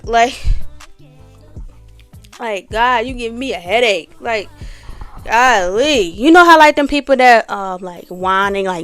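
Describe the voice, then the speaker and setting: A woman talks casually through ratings of reality show cast members, full of fillers and mocking whiny imitations. Her voice is smooth and sits a bit high. Faint music plays under her. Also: expressive, measured pace, fairly bright tone.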